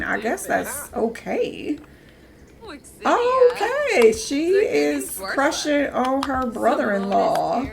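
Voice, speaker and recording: Chatty woman streamer with gravelly voice. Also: on the high side. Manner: chatty, talks back to game characters. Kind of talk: casual live game commentary.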